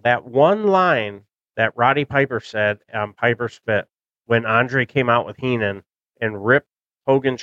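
Rambling middle-aged podcast host, smooth voice. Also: male voice, mid-range voice, sharp tone, no room sound, lo-fi sound. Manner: rambling, nostalgic, with frequent fillers. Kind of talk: casual chat.

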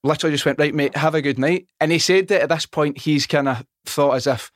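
Scottish man telling a lively story. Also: a little high, quick pace, dry recording, clean studio sound. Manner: animated storyteller, swears freely, acts out dialogue. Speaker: podcast guest. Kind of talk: casual chat. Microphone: studio microphone.

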